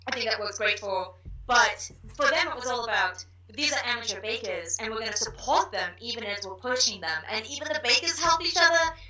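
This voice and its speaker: A woman's voice: a little high, lively intonation, fairly quick, pushed and bright, rough recording. A woman from South Africa chatting as a guest on a show, gushing with enthusiasm about things she loves. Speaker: podcast guest. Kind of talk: casual chat.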